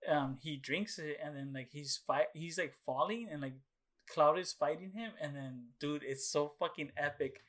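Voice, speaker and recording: A young man co-hosting a casual podcast chat, his voice sitting a little higher than most men's. He rambles through stories with plenty of fillers and swearing, jumping up in pitch to act out his old reactions. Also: normal speed, fairly bright tone. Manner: rambling storytelling full of fillers and swearing, acting out his own past reactions. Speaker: podcast co-host.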